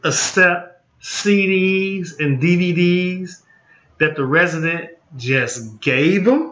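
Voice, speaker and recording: A man's voice: high voice, takes it slowly, a bit bright. A man giving an informal training talk as a licensing consultant, blunt and folksy, repeating his points and checking in with "okay?". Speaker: group home licensing consultant. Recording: echoey, slightly muffled room.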